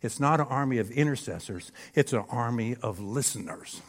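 A man preaching a sermon on a church stage, animated and emphatic, often checking in with the crowd. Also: medium pitch, moderate pace. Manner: animated and emphatic, with frequent rhetorical "Hello?" checks. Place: church stage before a live audience.

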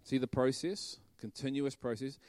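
A male preacher, delivering a lively sermon that swings from quiet stress on words to loud bursts. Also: medium pitch, normal speed, dry recording. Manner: animated, bursts into loud shouting and laughter.

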